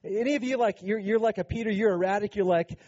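A man's voice: high-pitched, fast, darkish tone, muffled recording. A man preaching a sermon as pastor, earnest and emphatic, with frequent conversational asides.

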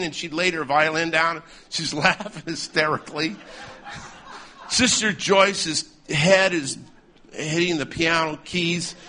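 A man preaching a humorous storytelling sermon, animated and laughing often. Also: fairly high pitch.

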